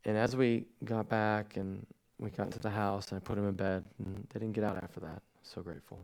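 A man, a pastor preaching a sermon to a congregation, acting out family stories with lively swings and falling soft and hushed when he turns reflective. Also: on the low side, brisk, creaky. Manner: animated storytelling, acting out his own shouting at bedtime. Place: church stage before a congregation.

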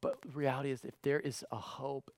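A man preaching a livestreamed sermon, conversational and emphatic, moving between loud exclamations and quiet pleading. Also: medium pitch, brisk.

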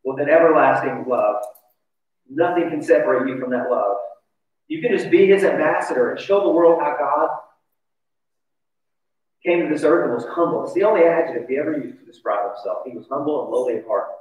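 A man's voice: on the high side, a little fast. Male pastor, sermon, conversational and confessional, heard from far off on a dull, muffled recording. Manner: conversational, confessional, asks the audience questions. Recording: distant, echoey, dull church recording.

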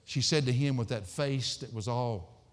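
At a moderate pace, a middle-aged man preaches a sermon as a pastor, his emphatic delivery moving between loud sarcastic peaks and hushed low endings. Hall reverb is audible in the recording.

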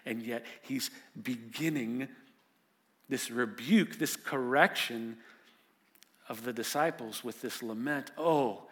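Preacher telling a story with vivid swings. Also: male voice, mid-range voice, slow pace. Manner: vivid storytelling, swinging from loud and urgent to hushed. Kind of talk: sermon.

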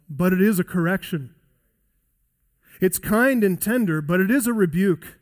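A man preaching a sermon as pastor-teacher, earnest and expository, slowing down to stress key points. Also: sits high, lively intonation, darkish tone. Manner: earnest expository preaching, varies pace for emphasis.

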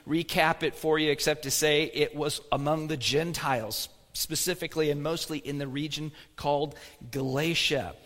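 A man's voice: a little high, a bit bright, big-room sound. A man preaching a sermon as pastor, in a conversational manner, asking the congregation questions. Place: church sanctuary.

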